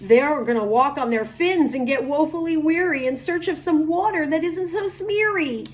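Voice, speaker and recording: A woman's voice: moderate pace, close to an everyday voice. A woman reading aloud, voicing a grumpy little male forest guardian who scolds indignantly. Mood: scolding. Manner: scolding, indignant, raised pitch.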